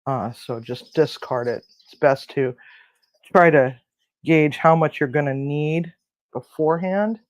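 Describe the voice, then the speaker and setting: A man's voice: a little high, unhurried, dry recording, poor audio. Man with a dry, close sound hosting a rambling cooking show. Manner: rambling and crude-humored, many fillers. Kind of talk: casual cooking demonstration. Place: home kitchen.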